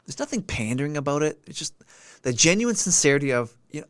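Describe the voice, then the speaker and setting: A man hosts a live stream in a voice pitched a little higher than most men's. He speaks earnestly and with feeling, stopping now and then to answer comments from viewers. His voice is close and dry, with no room sound around it. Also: big pitch swings, quick pace, a bit bright, smooth, no room sound. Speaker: livestream host. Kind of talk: heartfelt livestream talk.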